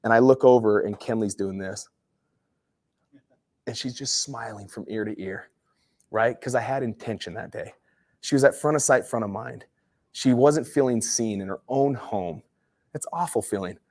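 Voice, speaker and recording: A man's voice: mid-range voice, moderate pace, long pauses, a little mellow, no room sound, clean studio sound. Casual rambling motivational speaker, a man. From Utah. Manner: casual, rambling storyteller with many fillers. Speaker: guest speaker. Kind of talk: motivational talk with personal stories.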